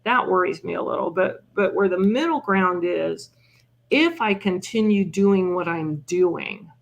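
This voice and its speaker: A woman's voice: fairly low pitch, lively intonation, creaky. An older woman, a guest on a recovery podcast, telling personal stories in a chatty, self-mocking way. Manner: chatty and self-mocking, with frequent "you know" and quick laughs. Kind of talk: conversational storytelling.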